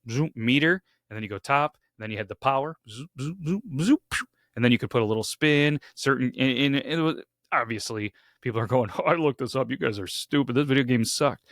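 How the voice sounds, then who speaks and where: A man's voice: mid-range voice, fairly bright tone, no echo. Man chatting on a dry-sounding podcast. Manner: chatty, imitates game sounds. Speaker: podcast co-host. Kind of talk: casual chat.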